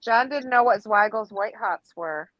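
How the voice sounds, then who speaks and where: A woman's voice: mid-range voice, a bit bright, no room sound, highs cut off. A woman from upstate New York chatting casually, teasing and jumping into the talk. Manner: teasing, quick to jump in. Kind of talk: casual group chat.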